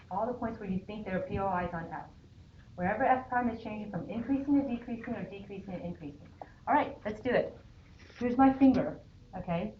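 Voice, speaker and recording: A woman math teacher lecturing a class and checking in often with "okay?". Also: mid-range voice. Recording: dull lo-fi sound in an echoey classroom with faint noise.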